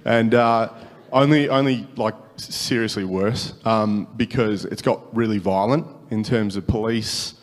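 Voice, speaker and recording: An Australian man answering a question in a halting, casual way, with many fillers. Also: on the low side, in a large hall. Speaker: audience member.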